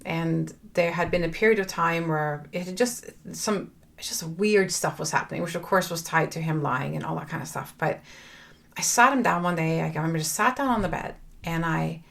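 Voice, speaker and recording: A woman's voice: low-pitched, normal speed, creaky, fairly bright tone. A middle-aged woman hosting a podcast, talking earnestly and reflectively in a personal monologue, with fillers and restarts. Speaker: podcast host.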